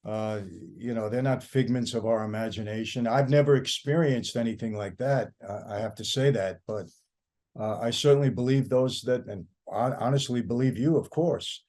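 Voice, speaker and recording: A man co-hosting a talk show, answering his partner in a measured, thoughtful way. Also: medium pitch, darkish tone. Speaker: podcast co-host. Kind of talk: casual chat.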